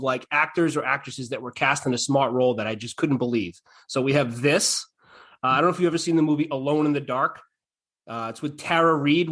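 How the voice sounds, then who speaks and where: A man hosting a podcast in casual chat, animated as he retells scenes and reads quotes aloud. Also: mid-range voice. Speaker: podcast host.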